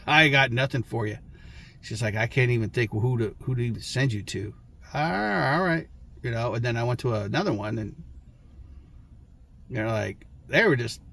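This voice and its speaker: A man's voice: medium pitch, animated, moderate pace, creaky, long pauses, fairly bright tone, a little hiss or hum. A man telling his own story to his viewers, talking casually and frankly, with lots of swearing, restarts and short laughs. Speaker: vlogger.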